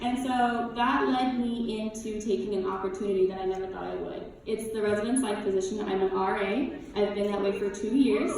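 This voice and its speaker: A woman's voice: mid-range voice, steady tone, a little fast, few pauses, a little mellow, slight background noise. A young woman, a student, tells a personal story to a conference audience in an earnest, chatty way, with plenty of "like" and "you know". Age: young adult. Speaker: student speaker. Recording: very echoey room from far off.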